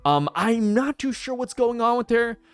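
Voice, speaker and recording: A man casually reviewing a comic chapter, chatty and excitable, with many fillers and acted-out quotes. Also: very high voice, normal speed, clear, resonant tone, no echo. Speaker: manga reviewer. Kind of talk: casual commentary.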